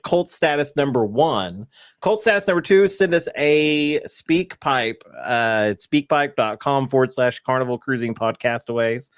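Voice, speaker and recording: A man's voice: medium pitch, no room sound, clean studio sound. A man hosting a podcast, joking and plugging the show in a casual way. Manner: jokey, quick asides, laughs often. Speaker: podcast host. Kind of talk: casual chat.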